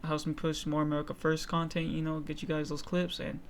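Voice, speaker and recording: Brief: young male clip-channel host, fast and monotone, faint background hiss. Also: on the high side. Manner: rambling, many fillers. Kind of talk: casual video intro.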